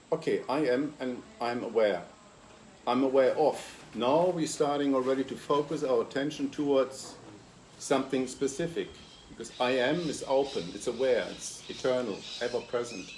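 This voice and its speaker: A man of ordinary pitch speaking in a calm, reflective way. He walks through his ideas patiently, one step at a time. He asks rhetorical questions and answers them himself. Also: slight background noise. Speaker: host and consciousness coach. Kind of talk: reflective interview talk.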